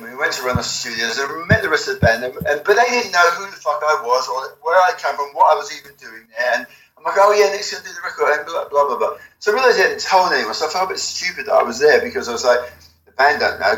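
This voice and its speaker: A middle-aged man telling a rambling, animated story in an interview, swearing freely. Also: mid-range voice, fast, slight background noise. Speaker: album cover designer, guest. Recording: echoey room.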